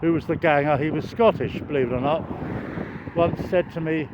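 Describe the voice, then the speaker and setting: A man's voice: a little high, normal speed. An older man chatting in a rambling, wry way with many fillers and restarts while walking outdoors and filming. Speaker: vlogger filming a construction site. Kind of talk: rambling walk-and-talk narration. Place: outdoors by a road, walking downhill. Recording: dull outdoor camera audio with traffic noise.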